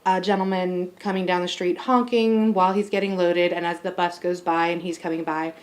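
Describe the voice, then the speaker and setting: A woman's voice: on the low side, fairly even intonation, a little fast. A woman speaking earnestly in a news interview as the parent, with some hesitations. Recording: faint ambient noise.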